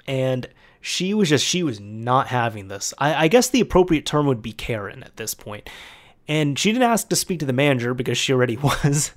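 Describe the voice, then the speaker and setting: A man's voice: medium pitch, very animated, normal speed. Chatty young man telling a story. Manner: rambling, conversational with fillers and restarts. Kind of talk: casual storytime monologue.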